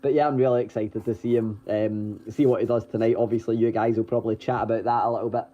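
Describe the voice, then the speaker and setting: A man's voice: lowish voice, fairly even intonation, fast talker, dark tone. A man co-hosting a podcast, running through the week's wrestling news in a chatty way, with lots of ums, restarts and the odd chuckle. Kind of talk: casual news rundown. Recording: dull lo-fi audio.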